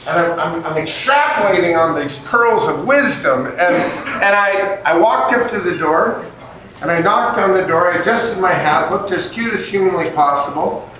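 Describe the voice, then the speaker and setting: An older man holds a live audience with animated stories, his voice sitting fairly high. He sounds distant, in a very echoey hall with faint noise behind him. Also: moderate pace. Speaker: speaker at an event. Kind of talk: storytelling talk to a live audience.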